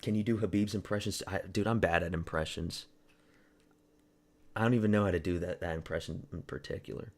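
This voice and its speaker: Man, stream host, casual fight commentary, low voice, loose, profane, chatty. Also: fairly even intonation, a little fast. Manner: rambling, profane, answers chat. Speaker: livestream host.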